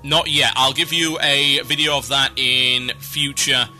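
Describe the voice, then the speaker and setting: Brisk, wry man with a bright voice. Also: mid-range voice, steady tone, faint music behind. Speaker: podcast host. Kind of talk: casual gaming podcast chat while playing.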